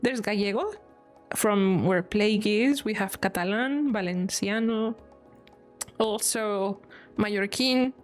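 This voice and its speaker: Speaking slowly in a medium-pitched voice, with faint music in the background, a Spanish-accented woman from Spain chats casually during a live stream. She laughs a lot and illustrates her points with examples.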